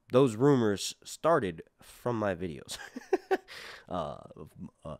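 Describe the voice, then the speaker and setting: Animated rambling male show reviewer. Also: medium pitch, no echo, studio quality. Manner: rambling, many fillers and restarts, animated bursts. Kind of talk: casual off-the-cuff commentary.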